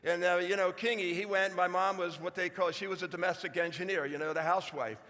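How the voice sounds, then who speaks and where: A man's voice: sits high, fairly even intonation, quick pace, sharp tone, in a large hall. A man in his seventies gives a folksy, joking speech to a live audience, talking straight to the crowd. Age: 70s. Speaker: speaker. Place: large hall before an audience.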